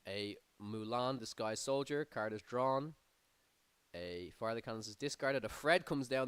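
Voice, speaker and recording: A man's voice: mid-range voice, a little slow, smooth, no room sound. A man giving live play-by-play commentary on a card game tournament, his energy rising on big plays. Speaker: tournament caster.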